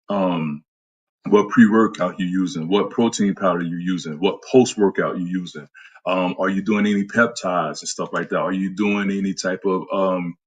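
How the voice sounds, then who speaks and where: Husky, low-voiced man talking fitness. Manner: loose, profane, repeats himself with many fillers. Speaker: fitness podcast host. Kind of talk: casual talk answering listeners.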